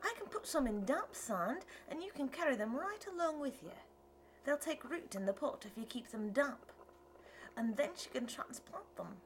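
A guarded country woman who tends her flower garden, as a woman reads her in a storybook. She speaks in crisp, short replies, pitched above the narration. A faint hiss sits under the voice. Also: lively intonation, normal speed. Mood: eager. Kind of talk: audiobook character reading.

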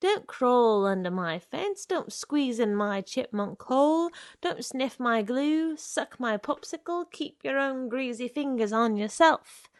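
A woman voicing a swaggering, menacing young man who coaxes and threatens in slang, in a dramatic story reading. Her voice has a gravelly edge, and the recording is close and dry. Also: fairly high pitch, lively intonation, slow pace, no echo, pitched above the performer's own voice. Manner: coaxing, then snapping; slangy.

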